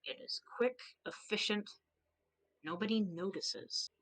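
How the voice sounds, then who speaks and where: A woman's voice: medium pitch, measured pace, fairly bright tone, rough recording. A woman narrating as game master of a tabletop game, casual and rambling, often laughing. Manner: casual, giggly, loose and rambling.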